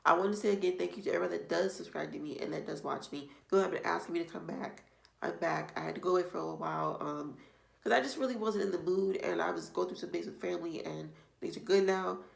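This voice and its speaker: A woman's voice: on the low side, quick pace, creaky. A woman beauty vlogger giving casual makeup tips to the camera, chatty and meandering, often circling back with "like I said". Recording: echoey room.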